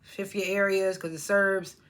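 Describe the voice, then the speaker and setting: A young TV episode reviewer talks at a measured pace in a mid-range voice, level and fairly bright. Her casual recap is full of laughter and fillers, and she chews snacks while speaking.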